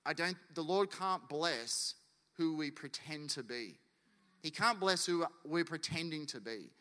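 Aussie pastor guy, fairly high voice, big echoey church hall. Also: animated, a little slow, pushed and bright. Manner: casual, conversational preaching with acted-out quotes. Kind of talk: sermon.

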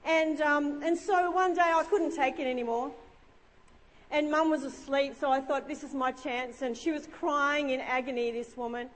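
High-voiced woman preacher, echoing hall. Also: normal speed. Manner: chatty, humorous, conversational with fillers. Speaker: pastor. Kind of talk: sermon storytelling.

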